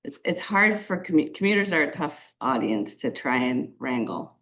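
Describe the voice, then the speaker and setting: Low-voiced woman, casual and joking. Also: big pitch swings, normal speed, fairly bright tone. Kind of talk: town committee meeting discussion. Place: town meeting room.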